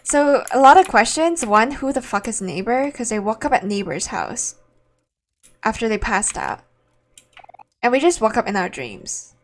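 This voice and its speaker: A woman's voice: a little high, very animated, moderate pace. A woman streaming a game, chatting casually and thinking aloud, laughing easily. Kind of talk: casual let's-play commentary.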